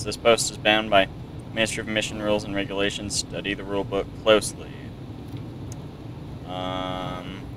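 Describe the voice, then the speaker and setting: Bright-voiced man narrating his gameplay. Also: on the low side, a little hiss or hum. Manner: reads game text aloud, chatty asides, jokey accents. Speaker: gamer playing through a game. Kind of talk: casual game playthrough commentary.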